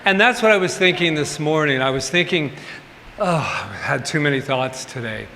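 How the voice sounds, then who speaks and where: Male pastor, fairly high, bright voice; candid, joking sermon delivery; church hall reverb. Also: animated, moderate pace, vocal fry. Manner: chatty and candid, with humorous asides. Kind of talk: informal sermon. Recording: reverberant hall, faint ambient noise.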